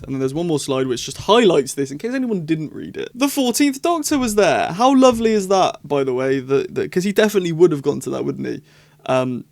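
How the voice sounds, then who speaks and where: Excitable man, rambling vlog chat. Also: fairly high pitch, fairly quick, no echo. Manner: excitable, rambling, animated reactions. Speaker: YouTuber. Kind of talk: casual commentary vlog.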